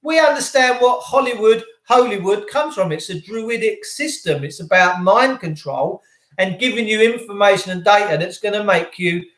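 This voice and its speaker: Guy ranting excitedly on his live stream, kinda high voice, echoey room. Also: moderate pace. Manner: excitable, effusive and rambling. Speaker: channel host. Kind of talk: live-stream chat to viewers. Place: indoors at home.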